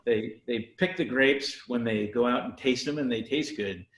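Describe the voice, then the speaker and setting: A man's voice: medium pitch, moderate pace, a bit bright. Laid-back man on an echoey call. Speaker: winery founder and guest. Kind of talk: casual video chat storytelling.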